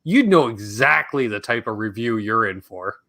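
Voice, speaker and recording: A man's voice: lowish voice, expressive, normal speed, sharp tone. A Canadian man hosting a live Q&A stream, casual and rambling, joking around and reading chat comments aloud.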